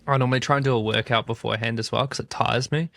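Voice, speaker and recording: A gravelly man with a New Zealand accent talks shop in a casual podcast chat. He is animated and slips into quoted voices. The sound is close and dry. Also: mid-range voice, rapid-fire, dry recording. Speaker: podcast guest, video studio founder.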